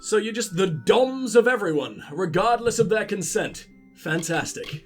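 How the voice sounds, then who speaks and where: A man's voice: sits high, very animated, moderate pace, faint music behind. A man hosting a let's play, giving casual gameplay commentary full of profanity and mocking jokes.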